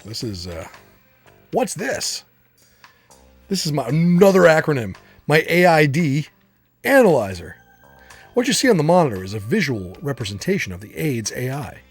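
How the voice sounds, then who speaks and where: Husky-voiced man streaming a game. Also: on the high side, moderate pace, long pauses, faint music behind. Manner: relaxed, rambling, with frequent fillers and chuckles. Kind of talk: casual live-stream commentary and reading game text aloud.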